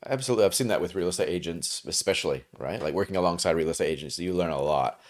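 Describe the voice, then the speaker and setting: A male podcast host with a very low voice, sounding upbeat and chatty. He keeps things conversational and often tags his points with a quick question. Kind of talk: casual podcast interview.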